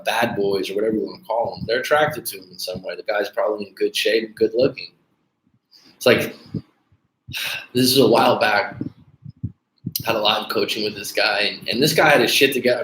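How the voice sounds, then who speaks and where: A man's voice: on the low side, fairly bright tone. A man hosting a dating coaching livestream, chatting casually and bluntly with viewers, swearing freely and calling them dude. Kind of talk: casual livestream chat reading viewer comments. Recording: echoey room with faint background noise.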